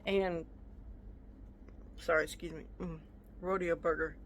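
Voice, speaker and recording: A woman vlogger telling a casual storytime rant, indignant and animated, acting out both sides of an argument and drifting off on side comments. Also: fairly low pitch, a little slow, slight background noise. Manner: indignant, animated retelling with acted-out quotes; rambling, stops mid-story to chat.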